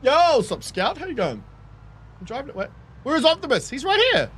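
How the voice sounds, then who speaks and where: This New Zealand gamer streams with a high-pitched, slightly breathy voice, talking a little fast. The casual gameplay commentary is lively and chatty, full of jokes, frequent laughter and free swearing.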